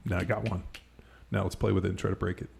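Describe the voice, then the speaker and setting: A middle-aged man hosts a podcast in loose, casual chat, circling his points with plenty of "like" and a stray curse. His voice sits very low with a gravelly edge. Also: little pitch movement, quick pace, darkish tone. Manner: rambling, heavy use of "like", casual swearing. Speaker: podcast host.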